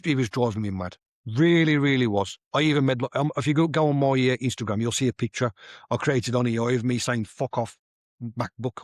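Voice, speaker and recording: A man's voice: mid-range voice, no echo. Sweary ranting man, dry mic. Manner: swears freely, rambling and animated. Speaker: podcast host. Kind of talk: casual rant.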